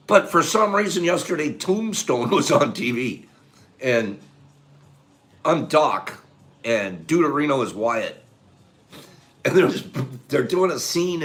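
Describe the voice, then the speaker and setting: A man's voice: medium pitch, a bit bright. A man hosting a casual morning chat with viewers, rambling in a sentimental way and chuckling as he goes. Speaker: host of a morning show.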